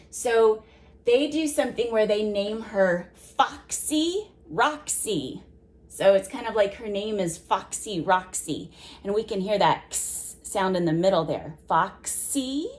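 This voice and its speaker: A woman leads a children's phonics lesson at a very unhurried pace, stretching out each word. Her voice sits fairly high, and she keeps pausing to ask the child listener questions. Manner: slow, deliberate, sounds out words for young children. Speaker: preschool teacher.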